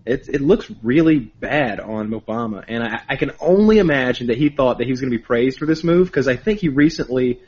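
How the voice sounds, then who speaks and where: A husky male voice with a lively, swooping pitch, talking fast in bursts with many restarts. The recording sounds dull and lo-fi. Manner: animated, halting with restarts and fillers. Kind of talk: casual chat among friends.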